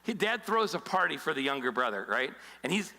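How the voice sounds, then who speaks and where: A man preaching a casual, joking sermon as pastor, telling stories with quick voices for the people he quotes. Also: a little high, very animated, gravelly, sharp tone, big-room sound, rough recording. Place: church auditorium.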